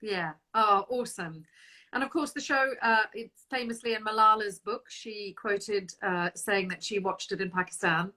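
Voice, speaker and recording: A woman hosting a live-streamed video-call interview, chatty and quick to laugh. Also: mid-range voice, sharp tone. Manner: chatty, laughs often, reads viewer comments aloud. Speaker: host.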